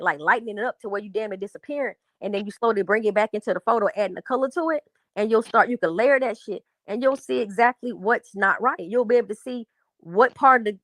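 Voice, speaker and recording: A woman co-hosting a live stream, telling a long story in a rambling, profane, animated way. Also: medium pitch, dry recording. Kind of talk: casual storytelling.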